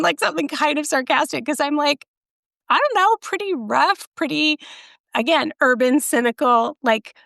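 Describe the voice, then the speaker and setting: Gravelly middle-aged woman telling a story. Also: sits high, fairly bright tone, no room sound, clean studio sound. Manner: rambling storyteller, self-deprecating, laughs often. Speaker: guest. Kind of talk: casual conversation.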